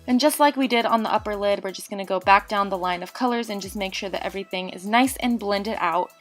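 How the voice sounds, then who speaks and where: Breathless young woman doing fast voiceover. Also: mid-range voice, soft background music. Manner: rapid, chatty, slightly tongue-tied. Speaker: makeup tutorial creator. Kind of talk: casual voiceover tutorial. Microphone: home voiceover mic.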